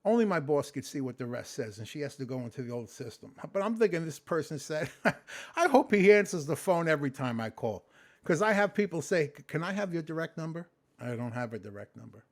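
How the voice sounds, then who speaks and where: A man talking casually in a late-night vlog, exhausted and sleepy, animated and rambling with plenty of swearing. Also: fairly high pitch, a little fast. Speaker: vlogger, customer service phone agent.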